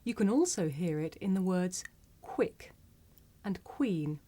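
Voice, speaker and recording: A woman teaching English pronunciation, saying single words slowly and carefully for learners to repeat. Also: lowish voice, animated, warm tone, slight background noise. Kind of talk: slow scripted pronunciation lesson.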